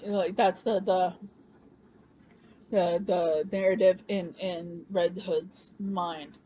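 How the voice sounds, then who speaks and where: Woman comic reviewer, loose and chatty, drawn-out delivery, plenty of "um" and "like". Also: mid-range voice, expressive, a little mellow, slight background noise. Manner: chatty and loose, with many fillers and restarts. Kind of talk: casual comic recap.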